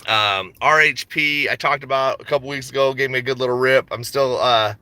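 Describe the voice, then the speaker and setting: A man hosting a stock livestream in a loose, rambling way, full of slang and easy laughter. His voice is bright and forceful with a tense edge. His pitch sits in the middle of the male range. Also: fairly even intonation, a little fast, clean tone, dry recording. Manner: rambling, laid-back, slangy, laughs often. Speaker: stock market livestream host. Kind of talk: casual livestream chat.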